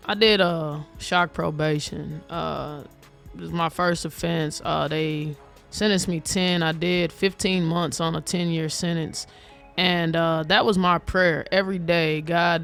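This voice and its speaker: A woman's voice: low voice, a bit bright. A woman guest on a chat show in a radio studio, talking earnestly about her own struggles. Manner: earnest, testifying. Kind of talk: casual chat.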